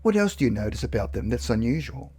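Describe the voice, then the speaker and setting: A man voicing a calm male psychologist who patiently questions a hypnotized patient in a dramatized interview reading. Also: medium pitch, breathy edge. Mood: steady, probing. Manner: slow, patient, probing questions.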